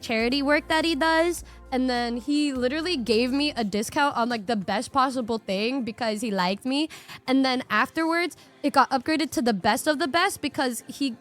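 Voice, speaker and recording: High-voiced young woman telling a story. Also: moderate pace. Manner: animated, swears freely, acts out reactions in the story. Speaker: streamer. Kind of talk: casual storytelling to a live stream audience.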